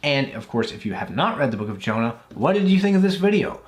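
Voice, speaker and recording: A man hosting a video review, talking casually about a scripture passage and filling pauses with lots of "you know" and "uh". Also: medium pitch, big pitch swings. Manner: conversational, many fillers like "you know" and "uh". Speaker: YouTube host reviewing Bible books. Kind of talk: casual video commentary after reading scripture aloud.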